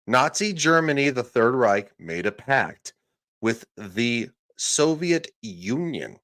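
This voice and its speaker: A man's voice: medium pitch, big pitch swings, slow pace, a bit bright. A man giving casual live commentary on a podcast clip, profane and sarcastic, with laughing asides. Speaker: streamer reacting to a podcast clip.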